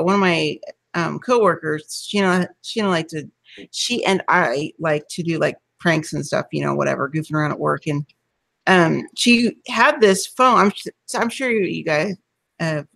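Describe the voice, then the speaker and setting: Woman, animated storyteller, dry video-call sound, laughs often. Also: on the low side, normal speed, vocal fry, no room sound. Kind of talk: casual group video chat.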